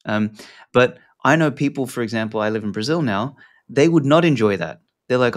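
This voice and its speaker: This podcast guest speaks fairly quickly in a mid-range voice. He's loose and meandering, leaning on lots of fillers and swearing casually.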